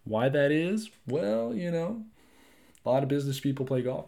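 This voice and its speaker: A young man hosting his own podcast, chatting loosely and rambling, with frequent swearing and lively asides. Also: fairly high pitch, normal speed, creaky. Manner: rambling, profane, animated asides. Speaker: podcast host. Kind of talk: casual solo podcast chat.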